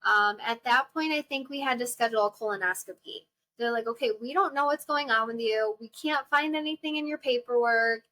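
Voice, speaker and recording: Speaking on the high side and fairly quickly, a young female podcast host sounds pushed and bright. She's recounting something from her own life to listeners, exclaiming often and leaning on fillers.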